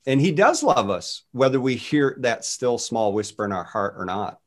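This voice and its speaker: Man, middle-aged, guest minister, earnest storytelling, mid-pitched voice. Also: sing-song, normal speed. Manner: earnest, personal storytelling with many restarts. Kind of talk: casual Christian talk.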